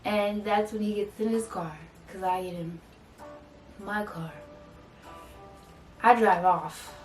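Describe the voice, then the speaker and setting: A young woman vlogger telling a dramatic storytime, acting out quoted dialogue in a lively way. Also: mid-range voice, takes it slowly. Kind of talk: storytime vlog. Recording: roomy echo from a distant mic with faint music.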